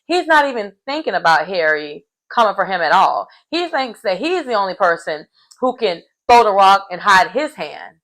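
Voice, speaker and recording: A woman giving a casual, animated episode recap of a reality show and acting out the people she quotes. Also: mid-range voice, normal speed, poor audio. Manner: animated storytelling, acts out quotes.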